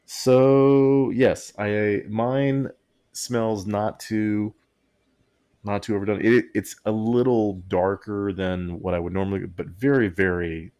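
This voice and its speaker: A man's voice: lowish voice, fairly even intonation, slow pace, dark tone, clean tone. A man co-hosting a podcast in casual chat, rambling and often breaking into laughter mid-sentence. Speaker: podcast co-host.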